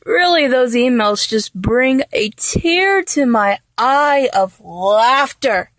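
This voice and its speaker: Young woman, dominant role-play voice, mocking and teasing, very unhurried delivery, dry close sound. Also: on the high side, expressive, dry recording. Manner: taunting and mocking, with frequent laughter; drops to a whisper at times.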